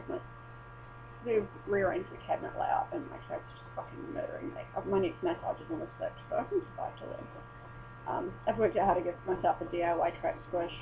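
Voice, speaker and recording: A woman chatting casually at home as a vlogger, rambling and swearing, often breaking off mid-sentence. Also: medium pitch. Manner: rambling, sweary and self-interrupting. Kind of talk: casual chat. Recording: dull lo-fi recording with mains hum.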